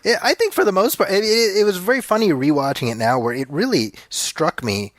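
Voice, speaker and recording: A man's voice: high-pitched, animated, brisk, a bit bright, no room sound. A man co-hosting a casual movie commentary podcast, easygoing, padding his points with fillers and slipping in wry jokes. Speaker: podcast co-host.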